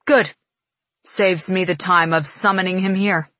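A woman's voice: on the low side, normal speed, fairly bright tone, husky, dry recording. A woman reading the lines of a confident young prince in an audiobook. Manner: assured, wry.

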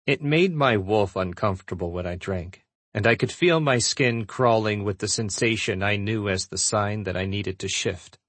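A man narrating a first-person audiobook in a steady, relaxed storytelling manner. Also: on the low side, normal speed, no echo.

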